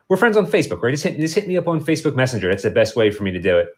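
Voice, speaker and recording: A man's voice: mid-range voice, sing-song, racing, few pauses, a little mellow. A man hosting a casual livestream, rambling and restarting as he chats with viewers and his cat. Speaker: livestream host.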